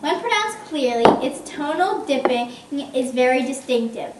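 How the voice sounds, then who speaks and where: A woman's voice: high-pitched, animated, moderate pace, reverberant, recorded from a distance, very noisy. A woman in a classroom presentation, reading lesson lines.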